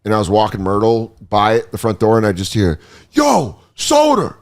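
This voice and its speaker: A man's voice: lowish voice, brisk, clear, resonant tone. A man hosting a podcast, chatting casually and telling profane stories with bursts of put-on voices. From United States. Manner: profane, animated storyteller who breaks into voices. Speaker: podcast host. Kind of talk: casual chat.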